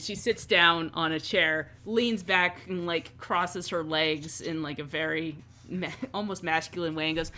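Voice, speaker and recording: Woman game master, lower voice, loose narration with fillers, tabletop game. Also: fairly even intonation, a little slow, hardly any pauses, sharp tone.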